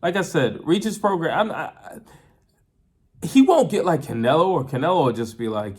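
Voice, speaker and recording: A man's voice: a little high, very animated, moderate pace, a little mellow. Man chatting through a fight breakdown. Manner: chatty, repeats and restarts often, uses filler like "you know". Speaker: boxing commentator.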